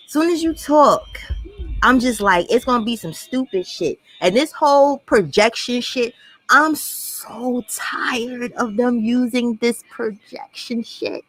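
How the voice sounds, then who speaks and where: A woman's voice: fairly high pitch, fairly bright tone, dry recording. Woman commentator who rants bluntly and swears a lot; dry, close recording. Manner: blunt, profane, fast ranting. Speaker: commentary vlogger. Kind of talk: ranting reaction commentary.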